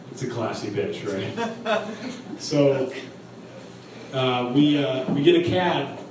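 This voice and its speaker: A man's voice: mid-range voice, background noise. A young man doing stand-up, telling a profane, rambling story to a live crowd. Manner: crude, profane, rambling anecdote with laughs. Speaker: stand-up comedian. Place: comedy club stage. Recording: very echoey live room from a distance, crowd ambience.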